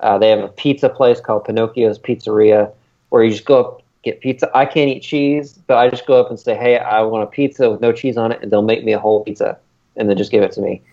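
A man with a fairly low voice chats casually as a podcast co-host. He rambles and keeps filling gaps with ums and uhs. The recording sounds dull and lo-fi. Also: steady tone, quick pace, warm tone. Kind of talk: casual chat.

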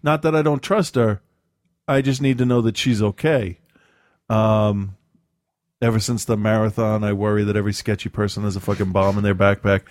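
A man's voice: lowish voice, little pitch movement, darkish tone, no echo, clean studio sound. A man in casual chat, telling rambling, profane stories with a lot of restarts and self-mocking asides. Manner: halting with frequent restarts and ums.

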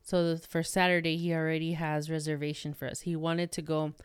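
A woman's voice: low-pitched, little pitch movement, brisk, smooth, no echo, clean studio sound. A woman, chatting easily with friends, slipping in Spanish words. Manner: easygoing, uses Spanish words. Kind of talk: casual chat.

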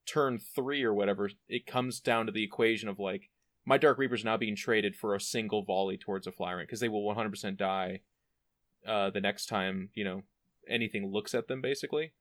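A man speaking as a podcast guest, telling his story in an animated, profane, self-deprecating way. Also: fairly low pitch, a little fast, no echo. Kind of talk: casual storytelling.

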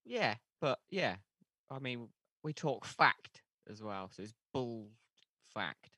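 A man hosting a horror podcast, chatting casually in an excitable, jokey way into a podcast mic. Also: medium pitch, takes it slowly, no echo, studio quality. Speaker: podcast host. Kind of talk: casual chat.

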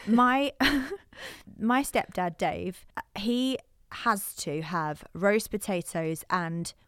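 A woman co-hosting a podcast in casual chat, playful and quick to laugh. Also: mid-range voice, a bit bright, smooth, dry recording, studio quality. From Britain. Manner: laughs often, playful, does voices for relatives. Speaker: podcast co-host.

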